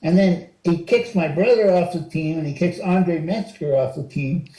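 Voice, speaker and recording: A man in his sixties, an interview guest, telling stories in a lively, animated way and jumping higher when he acts out what was said. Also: normal speed. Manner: animated storyteller, acts out quotes with rising pitch. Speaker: interview guest, retired wrestler. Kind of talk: casual storytelling interview. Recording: roomy echo.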